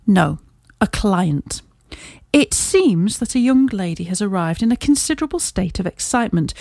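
A woman voicing a confident, observant male detective in a storybook reading, speaking in crisp, measured Victorian phrasing. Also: medium pitch, darkish tone, no echo.

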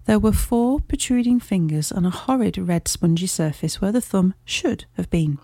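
A woman narrates a classic tale in the first person, her reading measured and clear. Her voice is mellow and dark-toned. The recording is dry and close, with no room around it. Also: medium pitch, no echo. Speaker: audiobook narrator.

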